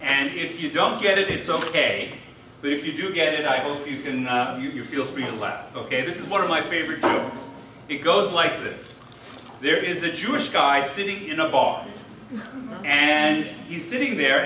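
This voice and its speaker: A man, a rabbi, giving a speech at an interfaith dinner, telling a joke in a relaxed storytelling way. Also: fairly high pitch. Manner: folksy storyteller, does voices in a joke. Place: large hall. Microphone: distant mic. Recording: echoey hall from far off, noisy.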